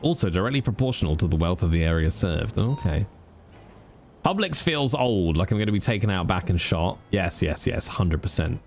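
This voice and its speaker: A man's voice: low-pitched, sing-song, normal speed, gravelly, slight background noise. A British man who streams, talking with his viewers in a chatty, joking way. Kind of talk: casual chat with viewers.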